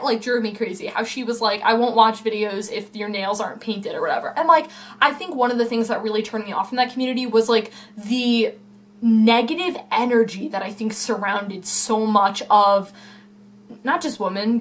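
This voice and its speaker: Young woman, casual vlog talk, higher voice, rambling with lots of fillers. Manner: rambling, filler-heavy, self-interrupting. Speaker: YouTuber. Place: home room.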